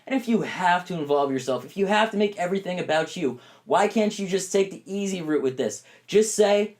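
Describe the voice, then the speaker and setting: A man hosting a satirical news show, ranting in a loud, mocking, profane way. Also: sits high, expressive, brisk. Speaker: comedy news host.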